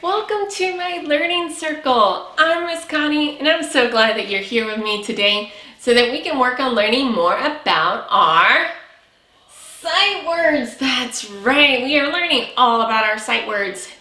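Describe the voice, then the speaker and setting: Woman, preschool teacher, very high voice, lively swooping pitch, slow exaggerated delivery, praising. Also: roomy sound, faint music behind. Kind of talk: early reading lesson for young children.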